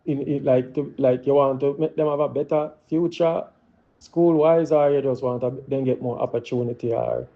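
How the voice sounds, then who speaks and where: Jamaican male host, casual stream talk, direct questioner, mid-pitched, muffled lo-fi audio. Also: steady tone. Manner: plain-spoken, quick follow-up questions. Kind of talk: casual live-stream chat. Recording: dull lo-fi call audio.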